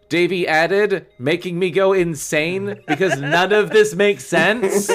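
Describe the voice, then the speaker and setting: A man's voice: a little high, takes it slowly, a bit bright, faint music behind. A male podcast co-host reading a novel aloud with comic asides, laughing, swearing and throwing in silly voices. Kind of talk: comedic book reading with banter.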